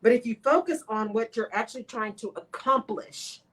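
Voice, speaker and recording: A woman with a lilt hosts a motivational radio talk. Her voice sits a little high, and she talks straight to her listeners in an expressive, animated way. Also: normal speed, low-quality recording. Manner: expressive, talks to listeners as "y'all", acts out her own inner voice. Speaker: radio show host.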